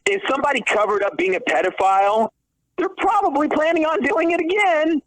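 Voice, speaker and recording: A man's voice: very high voice, brisk, fairly bright tone, rough recording. A man ranting on a talk podcast, profane and sarcastic, restarting his sentences as he goes. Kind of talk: heated podcast rant.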